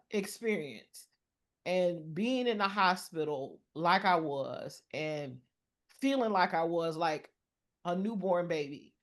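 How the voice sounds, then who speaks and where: A middle-aged woman talks with a fairly low voice in a frank, personal conversation. She speaks earnestly and haltingly, circling back and restarting her thoughts as she goes. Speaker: podcast guest. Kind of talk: personal conversation on mental health.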